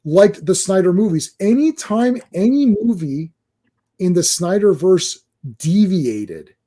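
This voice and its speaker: A man on a casual podcast, talking in a warm, mellow tone with a fairly high pitch. He is animated and rambling, and he slips into mocking voices to act out other people's complaints. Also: takes it slowly. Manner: animated, mimics fans in mocking quoted voices. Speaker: podcast co-host. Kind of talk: casual chat.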